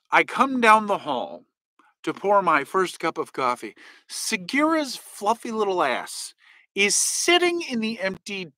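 A man's voice: high voice, sharp tone, no echo. A man hosting and answering comments in a rambling, jokey casual chat. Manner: rambling, jokey, goes off on tangents.

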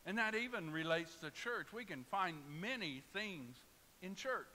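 This pastor's voice sits high and sounds pushed and bright, animated yet a little slow. He preaches in a church sanctuary, weaving in funny stories and asides to the congregation. Reverb and faint hiss fill the recording.

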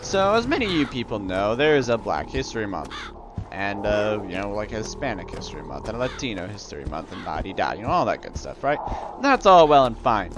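A man's voice: lowish voice, very animated, fairly quick, noisy background. A young man ranting and rambling while commentating on his video game play. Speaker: let's play gamer. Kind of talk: casual gameplay commentary.

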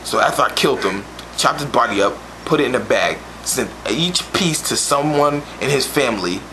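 A man's voice: mid-range voice, animated, moderate pace. A man delivering a crude comedic monologue in boastful, swaggering street talk, over a noisy amateur recording. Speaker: comedic storyteller.

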